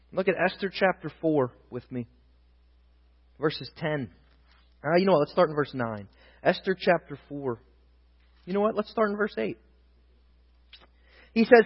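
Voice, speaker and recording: High husky guy preaching, storytelling, goes loud then hushed, big echoey hall, kinda muffled recording. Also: animated, moderate pace, pauses often. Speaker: pastor. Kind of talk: sermon. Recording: dull echoey hall, long reverb.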